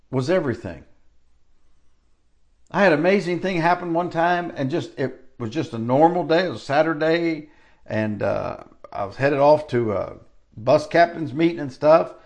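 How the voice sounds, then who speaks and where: A man's voice: mid-range voice, vocal fry. An older man preaching a sermon in a conversational, storytelling way, stretching out key phrases for emphasis.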